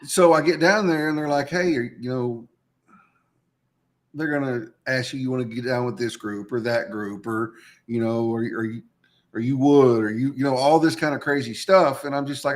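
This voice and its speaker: A man hosting a casual live chat show, talking in a relaxed way with lots of "like" and "man". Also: medium pitch, normal speed. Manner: relaxed, says "man" and "like" a lot. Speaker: podcast host.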